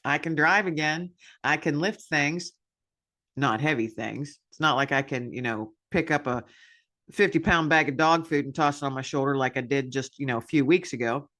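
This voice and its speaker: Brief: woman podcast host, candid self-deprecating monologue, bright forward tone. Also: sits low, moderate pace. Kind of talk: personal reflection monologue.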